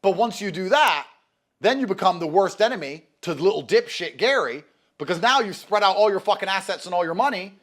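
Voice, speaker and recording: A man's voice: high voice, lively intonation, brisk, a bit bright. A man in casual conversation, lecturing emphatically and swearing often. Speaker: guest.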